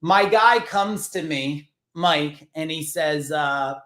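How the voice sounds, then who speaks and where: A man's voice: fairly high pitch, slow pace, pushed and bright, echoey room. A man from New Jersey, a business founder telling earnest stories as a podcast guest, swearing casually. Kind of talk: emotional storytelling.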